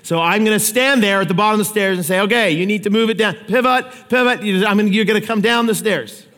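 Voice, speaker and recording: A man preaching a sermon, telling stories with lively acted-out quotes. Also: sits high, quick pace, big-room sound. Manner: animated storytelling, acts out quotes. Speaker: pastor.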